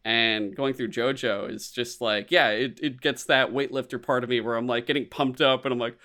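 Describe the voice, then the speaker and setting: A man chatting casually as a podcast co-host, excitable and full of swearing. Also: mid-range voice, moderate pace. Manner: excitable, profane, swears freely. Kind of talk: casual chat.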